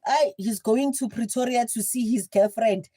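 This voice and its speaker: A young woman with a South African accent, telling a story in a chatty, animated livestream style. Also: on the high side, moderate pace, husky. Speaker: livestream host. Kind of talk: casual storytelling.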